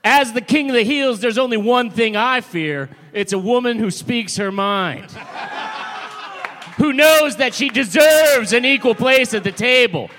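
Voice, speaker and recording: Bombastic man shouting a heel-style promo. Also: extremely high pitch, expressive, a little slow, in a large hall, slight background noise. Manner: bombastic, shouting mock boasts. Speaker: comedy game contestant. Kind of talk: improvised heel wrestler promo.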